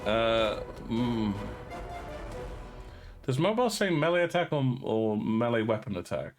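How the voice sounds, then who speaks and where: A man's voice: mid-range voice, big pitch swings, measured pace, faint music behind. A man running a tabletop game as dungeon master, talking with many fillers and restarts.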